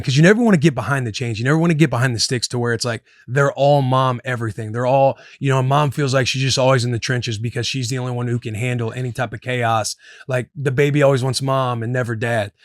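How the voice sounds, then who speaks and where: Loose and chatty, a man in his thirties hosts a podcast full of advice, referring to himself as "your boy" and to listeners as "boys." His mid-range voice comes through a dry, clean studio recording.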